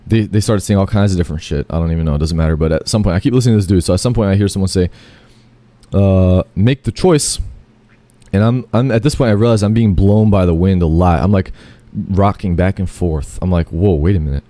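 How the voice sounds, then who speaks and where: A man's voice: low voice, fast, warm tone, no echo. A man telling a long, rambling first-person story, full of fillers, self-corrections and casual swearing.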